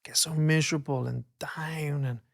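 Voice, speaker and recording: A man co-hosting a podcast in casual chat, rambling and self-interrupting, swearing freely and getting animated when he tells stories. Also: fairly high pitch, moderate pace, creaky. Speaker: podcast co-host.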